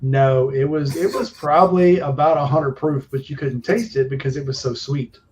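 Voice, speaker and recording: A man co-hosting a live stream, chatting casually and rambling through stories with drawn-out fillers. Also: a little high, fairly even intonation, darkish tone, slight background noise, rough recording. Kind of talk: casual chat.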